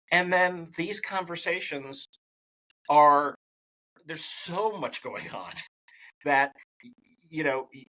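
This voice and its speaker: A man's voice: medium pitch, sharp tone, husky, rough recording. A man hosting a podcast interview, talking in an enthusiastic, rambling way with many restarts. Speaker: podcast host.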